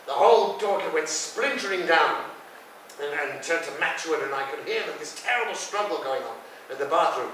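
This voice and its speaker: A man's voice: fairly high pitch, animated, moderate pace, fairly bright tone. A man giving a drama masterclass, talking conversationally and telling a vivid story in a drama studio. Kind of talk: teaching and storytelling monologue. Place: drama studio with dark curtains. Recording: echoey hall, mic far off, background noise.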